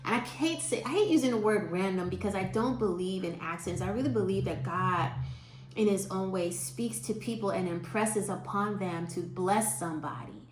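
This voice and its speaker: A woman, telling stories to her viewers in a chatty, expressive way. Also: medium pitch, moderate pace, roomy sound, soft background music. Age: 50s. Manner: chatty and expressive, quotes people in lively voices. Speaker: vlogger. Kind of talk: casual storytelling to viewers.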